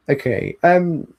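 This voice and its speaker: A man narrating as game master, setting scenes in an unhurried, descriptive way. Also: fairly high pitch, rough recording.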